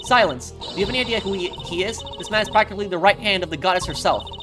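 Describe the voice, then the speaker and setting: A man's voice: high-pitched, rapid-fire, natural voice. Dude reading a stuck-up lady judge, formal and clipped, game music behind. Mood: indignant. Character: stern female judge, haughty and secretive.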